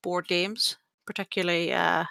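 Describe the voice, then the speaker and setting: Sweary Black Country woman, creaky voice. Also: lowish voice, moderate pace, no room sound, clean studio sound. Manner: sweary, laughing, animated. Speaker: podcast host. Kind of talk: casual chat.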